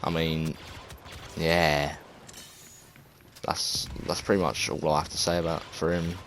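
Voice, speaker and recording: A man's voice: a bass voice, little pitch movement, takes it slowly, fairly bright tone, a little hiss or hum. An English man giving casual, rambling gameplay commentary, full of fillers, restarts and swearing. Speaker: gaming video creator.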